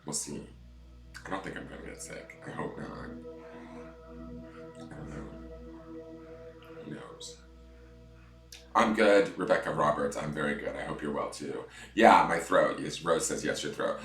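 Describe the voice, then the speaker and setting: Deep-voiced male tarot streamer, chatty and gently guiding, roomy echo. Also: lively intonation, unhurried, pauses often, music in the background. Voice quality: deep morning voice. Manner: chatty, reads viewer comments aloud. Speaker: tarot reader. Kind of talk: livestream chat and guided breathing meditation.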